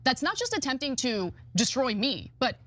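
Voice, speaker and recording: A woman's voice: high voice, sing-song, moderate pace, a bit bright, no room sound. A woman in a recorded video, telling her story in an emphatic, aggrieved way.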